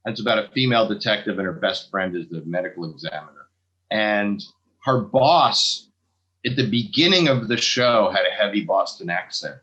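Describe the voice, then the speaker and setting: A man's voice: on the low side, lively intonation, normal speed, a bit bright, muffled recording. An American man from New York, a comedian guest, chatting casually and telling dry, self-deprecating stories. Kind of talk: casual chat, anecdotes.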